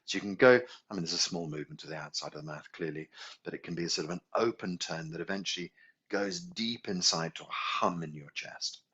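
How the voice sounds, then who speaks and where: A man teaching a qigong healing class, gently guiding breaths and sounding out long vocal tones and hums. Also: low-pitched, slightly rough. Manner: gentle, unhurried guidance with sung tones and hums. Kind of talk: guided healing class instruction.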